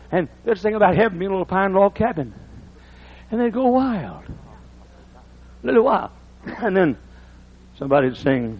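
A man preaching a sermon, dropping to low talk and rising to shouted, half-sung hymn lines. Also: expressive, moderate pace, breathy edge, muffled recording. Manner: swings from low mutter to shouted singing of hymns. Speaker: pastor.

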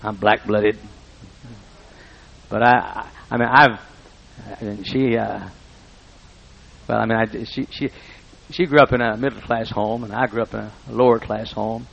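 A man's voice: fairly low pitch, fairly even intonation, measured pace, gravelly, pauses often, fairly bright tone. A man preaching a sermon, telling folksy, humorous stories and often breaking off mid-sentence. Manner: folksy, humorous anecdotes with self-interruptions. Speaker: pastor. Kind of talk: storytelling sermon. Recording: dull lo-fi recording.

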